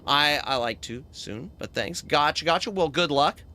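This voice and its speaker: Brief: bright, slightly high male VTuber, casual game commentary, chatty. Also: animated, normal speed. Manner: chatty, thinks aloud, thanks chat often. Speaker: VTuber streamer.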